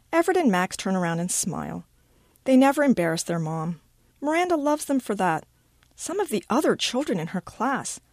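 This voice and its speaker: An animated woman reading a story. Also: medium pitch, no echo, clean studio sound. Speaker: reader. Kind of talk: reading a short story aloud.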